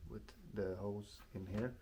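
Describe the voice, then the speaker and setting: A man's voice: fairly low pitch, steady tone, normal speed, mellow, a little hiss or hum. A man doing a casual product unboxing at home in his apartment, speaking plainly and often restarting his phrases. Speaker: tech reviewer.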